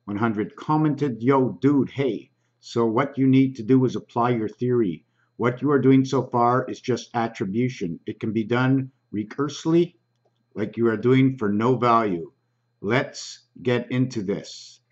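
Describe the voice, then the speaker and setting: A man hosting his own channel, slowly reading comments aloud in a halting, casual way with frequent ums. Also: medium pitch, darkish tone, dull audio.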